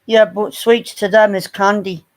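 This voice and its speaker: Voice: mid-range voice, steady tone. A vlogger, chatting casually in a blunt, teasing way. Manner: blunt, teasing, quick to jab. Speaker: family channel vlogger. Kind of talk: casual chat.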